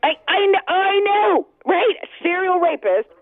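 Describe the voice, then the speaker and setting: A woman's voice: extremely high pitch, animated, a little slow, no room sound, narrow, tinny audio. A woman from South Carolina calling in to a talk radio show, exasperated and emphatic over the phone. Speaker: caller. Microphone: phone line.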